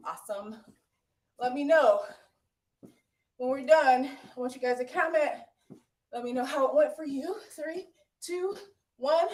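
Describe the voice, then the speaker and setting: A woman's voice: high voice, unhurried, pauses often, darkish tone. A woman fitness instructor coaching a live workout, upbeat and out of breath, cheering and counting down. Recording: echoey room from far off.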